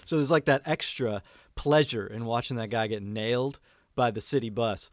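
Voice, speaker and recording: A man trading blunt, profane opinions on a movie podcast, often breaking into laughter. His voice is recorded close and dry, with no room sound, at a middle pitch. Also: normal speed, dry recording. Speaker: guest. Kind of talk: casual chat.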